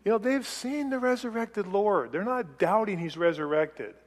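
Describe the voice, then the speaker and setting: Middle-aged male preacher, conversational and chatty, higher-pitched, long hall reverb. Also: lively intonation, moderate pace. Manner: chatty, acts out quotes, light laughs. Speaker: preacher teaching a Bible passage. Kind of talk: conversational sermon.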